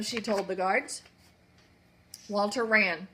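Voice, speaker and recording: A woman's voice: mid-range voice, slow, long pauses, pushed and bright, a little hiss or hum. A woman teacher reading a picture book aloud to children in a classroom, with dramatic storytelling.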